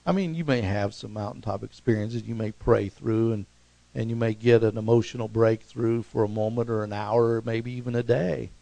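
A man preaching a sermon as pastor, swinging from emphatic, raised lines to soft, low asides, with calls to the congregation. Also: steady tone, moderate pace, gravelly, dry recording, low-quality recording. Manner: rises to emphatic peaks, then drops soft and low; preaching with congregational call-outs.

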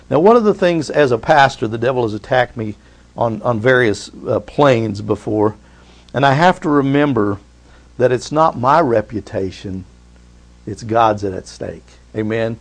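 A man's voice: medium pitch, lively intonation, normal speed, vocal fry. A middle-aged man preaching a sermon as pastor, reading scripture aloud with force and asking his congregation for responses.

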